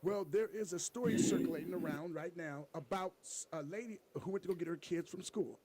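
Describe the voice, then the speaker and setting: A man co-hosting a podcast in casual comedic chat, an animated storyteller with loud bursts. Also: high voice, brisk. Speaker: podcast co-host.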